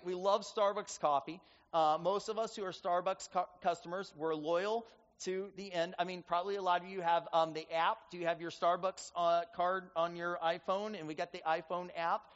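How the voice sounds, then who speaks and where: A male pastor telling stories in a sermon, repeating phrases for emphasis. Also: high voice. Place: church sanctuary. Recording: reverberant hall, dull sound.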